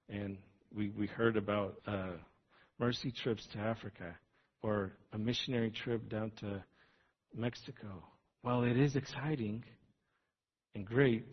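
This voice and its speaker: Male preacher, low and earnest, reflective delivery, dull lo-fi audio. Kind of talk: sermon. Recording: dull lo-fi sound.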